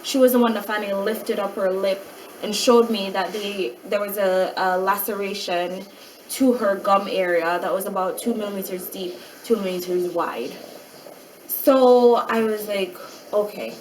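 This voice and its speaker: A mother in a casual vlog, retelling a hospital night in an animated way and acting out what other people said. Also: medium pitch, normal speed, far from the mic, slight background noise, poor audio. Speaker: mother of a child with a rare syndrome.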